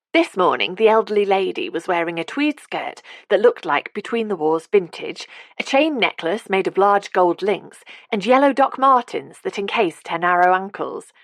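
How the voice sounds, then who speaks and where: Woman, audiobook narration, steady, lowish voice, dry studio sound. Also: creaky, dry recording. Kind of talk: scripted narration.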